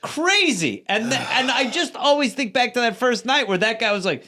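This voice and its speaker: A man's voice: very high-pitched, normal speed. A man co-hosting a podcast, telling a story in casual, profane talk and acting out the people he quotes. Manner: animated, profane, acts out quoted voices. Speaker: podcast co-host.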